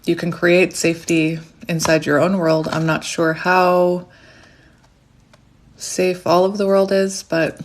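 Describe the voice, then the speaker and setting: A woman giving a casual, chatty tarot reading, laughing often and squealing when she gets excited, her throat a little hoarse. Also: fairly low pitch, slow pace, a little hiss or hum. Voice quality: warm, laughs often between phrases. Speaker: tarot reader.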